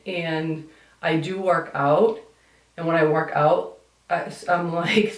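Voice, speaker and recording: A woman chatting while doing her makeup in a get-ready-with-me vlog, rambling and complaining, swearing casually. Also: sits low. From United States. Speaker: beauty vlogger. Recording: echoey room, somewhat far from mic.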